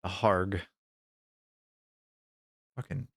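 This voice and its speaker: Non-native English-speaking male streamer, unhurried, jokey and profane, dry sound. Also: deep voice, creaky, a bit bright, husky, no room sound. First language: not English. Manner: joking, swears freely, mock-apologetic. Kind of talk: casual live-stream chat while playing.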